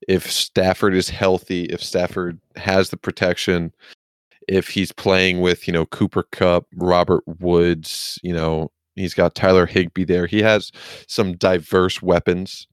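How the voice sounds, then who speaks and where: A man co-hosting a casual sports podcast rambles and swears offhandedly, showing a self-deprecating streak while he has the hiccups. His voice is deep and flat, his pace unhurried, and the tone clean with no echo.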